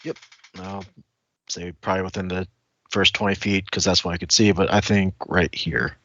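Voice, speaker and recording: Male player, low voice, plain delivery, dull lo-fi sound. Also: steady tone, moderate pace, sharp tone, no echo. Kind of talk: casual tabletop play. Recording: dull, dry mic sound.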